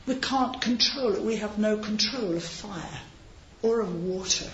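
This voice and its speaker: A woman delivers an informal sermon in a conversational, storytelling manner, wandering into asides as she goes. Her voice sits at a middling pitch. The recording carries the echo of a large hall, a slightly muffled tone and a faint background hum. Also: a little slow. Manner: chatty, anecdotal, with frequent asides and light laughs. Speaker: preacher.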